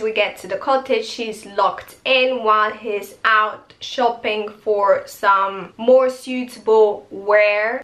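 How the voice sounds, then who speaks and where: A woman's voice: fairly high pitch, bright, forceful tone. A young woman chatting casually as she recaps a TV episode, quoting the characters' lines in her own retelling. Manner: chatty, retells scenes with quoted voices. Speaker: episode reviewer.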